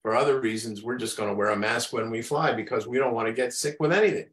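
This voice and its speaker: A man's voice: medium pitch, fast talker, a bit bright. A man, a doctor guest on a podcast, chatting in an easygoing, agreeable way. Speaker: cardiologist guest. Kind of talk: conversational podcast talk. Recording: echoey room sound.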